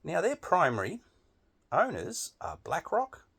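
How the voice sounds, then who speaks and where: A man's voice: a little high, wildly swooping pitch, a little slow, creaky, a bit bright, slightly rough. A man delivering a blunt, emphatic opinion monologue with frequent swearing. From Australia. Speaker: political commentator.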